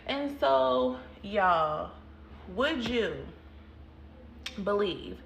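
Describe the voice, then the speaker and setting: A woman who owns a hair salon, telling a story to her viewers in an animated, chatty vlog style and calling them y'all. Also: mid-range voice, very slow, vocal fry, a little hiss or hum. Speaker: salon owner and hairstylist. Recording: roomy echo.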